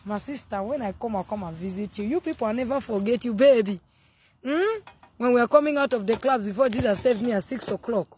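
Husky-voiced woman preaching exuberantly. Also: a little high, brisk. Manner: exuberant, loud bursts, laughing, greets viewers by name. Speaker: live-stream preacher. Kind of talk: casual sermon on a live stream.

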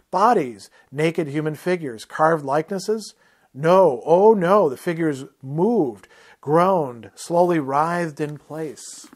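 Brief: a male lecturer reading fiction aloud, measured and expressive, with a slightly high voice.

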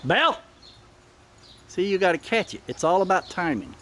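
A man's voice: sits high, expressive, quick pace, a little hiss or hum. Plain-spoken man, outdoors. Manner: plain-spoken, firm commands with sudden sharp shouts at the dogs. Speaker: dog owner filming his own pack. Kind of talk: casual instructional narration. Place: outdoors in a backyard. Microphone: handheld camera mic.

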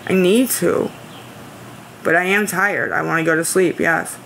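Woman streamer, defensive and anxious, pleads with chat, bright tense voice. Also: fairly low pitch, unhurried, gravelly, slight background noise. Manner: anxious, pleading and defensive, rambling with repeated phrases. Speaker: livestreamer asking viewers for money. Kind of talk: casual live-stream chat, answering viewer comments.

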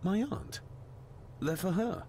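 A man's voice: high voice, expressive, slow pace, a little mellow, slight background noise. A man playing a polite, inquisitive young man asking about his late aunt. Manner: courteous, inquisitive. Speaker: game protagonist.

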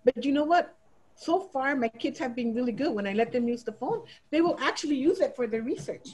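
A woman's voice: high-pitched, a little fast, breathy edge, low-quality recording. A middle-aged woman teacher giving a training talk, telling classroom stories and acting out her students' voices. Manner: animated, acts out students' voices in quotes. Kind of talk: storytelling presentation.

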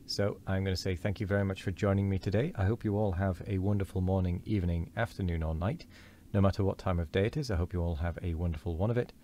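A man with a very deep voice reads a classic novel aloud at a measured pace, then chats briefly and casually to his viewers. A faint background hum sits under his voice. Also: steady tone, mellow. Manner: measured reading, casual sign-off. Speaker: game streamer reading a book aloud.

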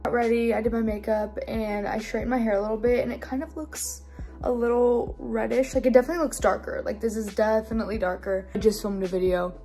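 A woman's voice: a little high, fairly even intonation, fast, dark tone, soft background music. A young woman chatting casually in a vlog, bubbly and full of fillers like "like" and "um". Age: young adult. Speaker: vlogger.

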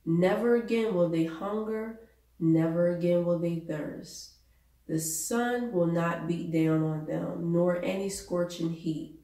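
A woman pastor preaching a sermon, reading Bible verses aloud in a deliberate way. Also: on the low side, mellow. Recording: echoey room, voice from a distance.

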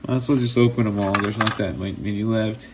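In a jewelry-making vlog, a man chats casually with his viewers, excited and marvelling as he shows off pieces and laughing often. His voice is fairly low and he talks fast, with background noise behind him.

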